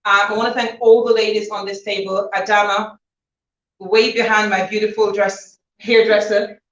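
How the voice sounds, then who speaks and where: A woman giving a chatty, laughing thank-you speech to guests at her book launch, telling lively stories. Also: medium pitch, moderate pace, slight background noise. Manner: chatty, laughing, animated storytelling. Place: event hall. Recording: dull, roomy, from far off.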